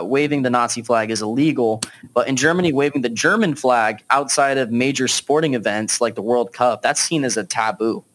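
A man's voice: medium pitch, a bit bright. A man hosting a casual podcast discussion, talking in a laid-back, chatty way with plenty of fillers. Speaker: podcast host.

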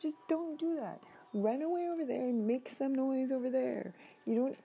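Gravelly-voiced woman reacting to a horror game. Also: high voice, normal speed, slight background noise, low-quality recording. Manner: emotional, talks to the screen, swings from whispers to shouts. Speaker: gaming video host.

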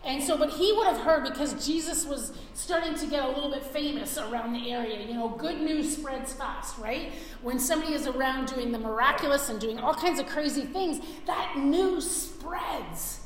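A woman preacher giving a sermon, retelling a story with animated, acted-out scenes. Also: sits high, a little fast, few pauses, slight background noise. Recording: echoey hall, faint ambience.

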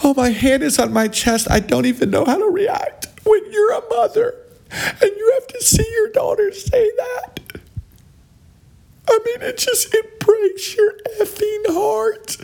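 A theatrically heartbroken mother gasps and sobs in a shrill, very high voice, as a man puts her on. She is melodramatic, and her pitch swoops wildly. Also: animated, a little slow, vocal fry, a little mellow, exaggerated voice, poor audio. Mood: mock anguish.

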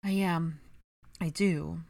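A woman's voice: fairly low pitch, fairly even intonation, slow pace, gravelly, darkish tone. A woman reading the part of a tired, stubborn young mother in a storybook reading. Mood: weary.

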